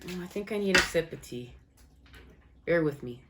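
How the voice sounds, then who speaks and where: Heavy background noise surrounds a fairly low, expressive female voice giving a lively channeled astrology and tarot reading. The reader speaks to her viewers as "guys," repeating herself and rephrasing lines one after another.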